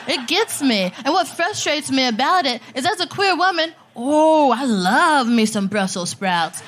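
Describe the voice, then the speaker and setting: A woman's voice: high voice, sharp tone, slight background noise. A woman performing a brash, rowdy live stand-up comedy set on a festival stage. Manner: brash, rowdy, punchy delivery.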